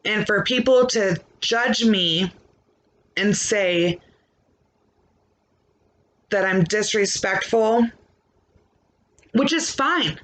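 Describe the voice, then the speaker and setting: Slow-talking blunt profane woman. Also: medium pitch, animated, a bit bright. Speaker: podcast host. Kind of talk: ranting monologue. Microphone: podcast microphone.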